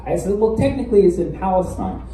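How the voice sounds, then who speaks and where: A man performing stand-up comedy, telling a story in a rapid, mock-pedantic way. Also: sits high, lively intonation, slight background noise. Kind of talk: stand-up set. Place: live comedy venue with audience. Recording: distant, roomy live club audio with loud crowd.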